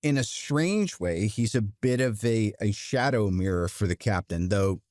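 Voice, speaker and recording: A man, an actor guest on a podcast interview, talking in a relaxed, musing, conversational way. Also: fairly low pitch, a little slow, no echo, studio quality.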